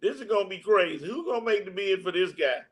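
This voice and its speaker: A man's voice: sits high, animated, fast talker. A man co-hosting a sports talk show, easygoing, running through topics and tossing questions to his partner. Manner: easygoing, laughs at his own jokes, tosses questions. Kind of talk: casual sports banter.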